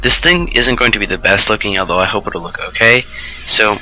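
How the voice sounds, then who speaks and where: Rambling man with a bright, tense voice. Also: fairly low pitch, brisk, faint music behind, rough recording. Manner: rambling, loose, full of asides. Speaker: let's play host. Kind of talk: casual gameplay commentary.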